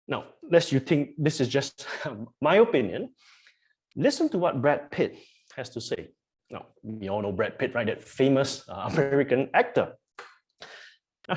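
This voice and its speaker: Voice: mid-range voice, a little mellow. A preacher giving a sermon to a congregation, emphatic and repetitive, often asking the listeners questions. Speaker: pastor. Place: church.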